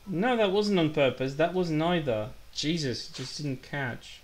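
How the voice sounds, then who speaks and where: A man's voice: fairly high pitch, lively intonation, a little slow, soft background music. A man chatting casually while streaming a game live, joking and making fun of his own mistakes. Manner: chatty, joking, self-deprecating. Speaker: gaming livestreamer. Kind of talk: casual live gameplay commentary.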